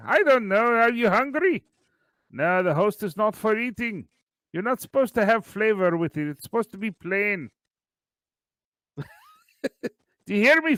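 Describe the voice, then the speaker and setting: A man hosting a light comedy morning show, full of chuckles and teasing asides. His voice is high and lively, and the sound is dry and close. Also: no room sound.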